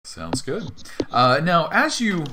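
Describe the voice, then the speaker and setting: A man narrating a tabletop game as game master, relaxed and descriptive. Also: on the high side, slow, noisy background.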